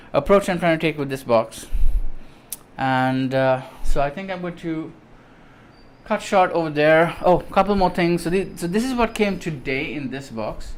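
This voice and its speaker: A man vlogging an unboxing of computer parts in enthusiastic, rambling casual chat, with many ums and restarts. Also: fairly high pitch. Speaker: tech vlogger.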